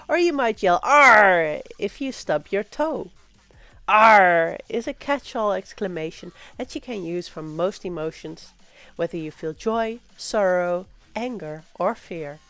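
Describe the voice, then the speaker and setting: A woman hosting a casual livestream, reading aloud slowly and breaking into loud, playful pirate exclamations. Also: mid-range voice, no echo. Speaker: livestream host.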